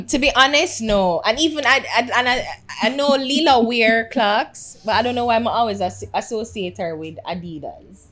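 Jamaican woman in lively podcast banter. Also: fairly high pitch, normal speed. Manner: laughs often, animated, mixes patois and English. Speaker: podcast co-host. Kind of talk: casual chat.

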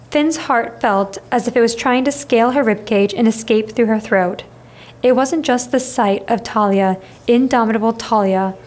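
A woman reading a children's novel aloud in a steady, expressive way. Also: fairly high pitch. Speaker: reader. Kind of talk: storybook read-aloud.

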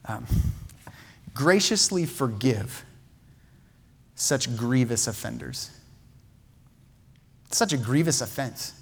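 High-voiced male preacher telling a story. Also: fairly bright tone, husky. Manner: dramatic storytelling, acting out quotes, frequent restarts. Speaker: pastor. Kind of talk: sermon.

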